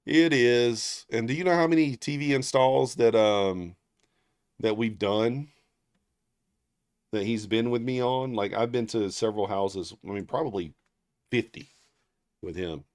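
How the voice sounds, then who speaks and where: With a lowish, darkish voice, a trading livestream host chats casually with viewers, rambling through anecdotes full of fillers and restarts and thanking viewers by name. The audio is clean studio sound with no room sound.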